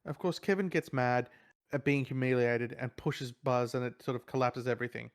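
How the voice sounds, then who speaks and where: A man's voice: medium pitch, steady tone, moderate pace. A man co-hosting a podcast, casually recapping a film with many restarts. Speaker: podcast co-host. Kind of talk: casual chat.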